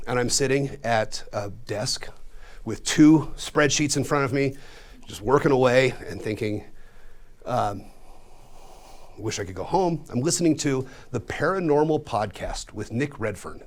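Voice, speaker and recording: A man's voice: mid-range voice, normal speed. A man in his fifties from Colorado, a magician telling a funny personal story to a live audience in a room. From Colorado, USA. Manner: animated, self-mocking.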